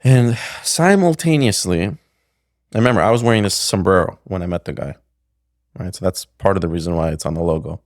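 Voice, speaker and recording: Podcast guest: a middle-aged man, low gravelly voice, a rambling storyteller. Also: fairly quick, no echo, studio quality. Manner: rambling, with many restarts and "like". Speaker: podcast guest, pickle maker. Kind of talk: casual storytelling.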